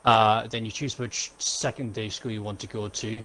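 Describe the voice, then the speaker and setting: A man's voice: fairly low pitch, level tone, normal speed, bright, forceful tone, a little hiss or hum, poor audio. A young man co-hosting a casual podcast chat, rambling and jokey, swearing often. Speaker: podcast co-host.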